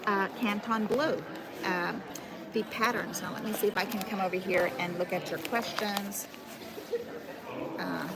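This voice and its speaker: A woman hosting a casual paper-crafting livestream, chatty and affectionate, greeting viewers by name. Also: medium pitch. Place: busy crafting retreat hall with crowd. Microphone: phone camera. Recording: crowded noisy venue. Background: crowd chatter.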